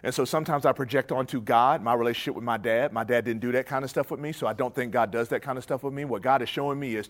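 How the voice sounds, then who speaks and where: A man preaching a sermon, telling a family story in a relaxed, conversational way and then dropping into a quiet prayer. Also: medium pitch, fast talker, hardly any pauses.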